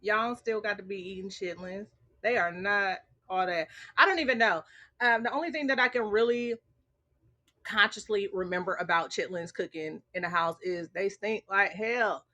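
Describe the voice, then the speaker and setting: A woman's voice: mid-range voice, normal speed, sharp tone, dull audio. A woman hosting a casual late-night livestream chat, talking straight to her viewers and laughing often. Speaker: livestream host.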